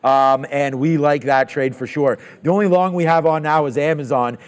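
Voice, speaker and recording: A man hosts a live market stream and talks through each trade as it happens. His voice sits a little high for a man, and his delivery stays excitable and off the cuff. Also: moderate pace, clean tone. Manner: excited, thinking aloud about trades. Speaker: trading show host. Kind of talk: live trading commentary.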